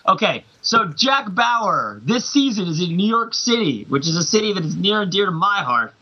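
Man, podcast panelist, playful casual chat, slightly high voice, dull lo-fi sound. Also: sing-song, normal speed. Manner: playful, laughs often. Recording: dull lo-fi audio.

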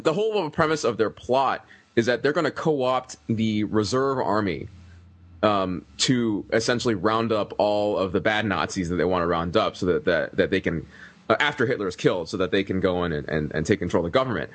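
Fast-talking man explaining a plot. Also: on the low side, lively intonation, no echo. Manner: fast, restarts often, explains at length. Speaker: podcast guest reviewing a film. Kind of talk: casual discussion.

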